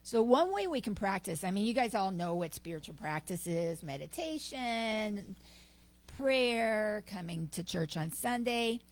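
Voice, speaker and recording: A woman minister delivering a sermon with expressive, emphatic storytelling. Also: mid-range voice, unhurried.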